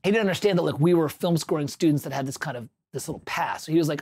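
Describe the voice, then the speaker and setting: A man's voice: on the high side, lively intonation, fast, hardly any pauses, a little mellow, breathy edge. A man hosting a livestream, chatting casually, telling a rambling anecdote with self-corrections and answering viewers' chat.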